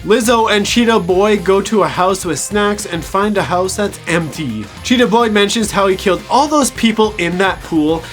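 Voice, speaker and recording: A man's voice: high-pitched, lively intonation, moderate pace, hardly any pauses, a bit bright, faint music behind. A man recapping a TV episode in a casual, crude, mocking way, swearing and laughing at his own jokes. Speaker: TV show reviewer.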